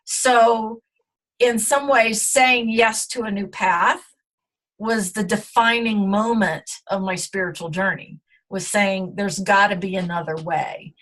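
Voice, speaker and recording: A woman's voice: mid-range voice, slow pace, fairly bright tone. Earnest middle-aged woman telling her story. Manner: earnest and reflective, with frequent fillers. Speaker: interview guest. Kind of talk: casual interview storytelling.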